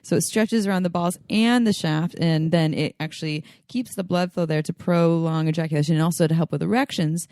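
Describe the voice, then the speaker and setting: A woman co-hosting a podcast, chatting frankly and explaining things plainly. Her voice is low and mellow, with a warm, soft tone. The recording is close and dry. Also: fairly even intonation, brisk, hardly any pauses, no room sound. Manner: frank, explanatory, laughs easily. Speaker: podcast co-host. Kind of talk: casual chat.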